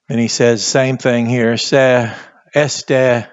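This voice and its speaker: A man teaching a Bible language class, speaking haltingly and repeating words as he writes on a board. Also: medium pitch, steady tone, no echo, lo-fi sound. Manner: slow, halting, repeats words while writing. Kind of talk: classroom lesson at a whiteboard.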